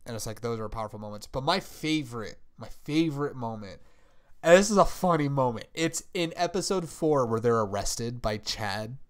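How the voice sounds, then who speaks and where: Excited man gushing in casual chat. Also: medium pitch, normal speed. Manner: enthusiastic, swearing, acts out quoted lines. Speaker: podcast co-host. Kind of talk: casual chat about anime.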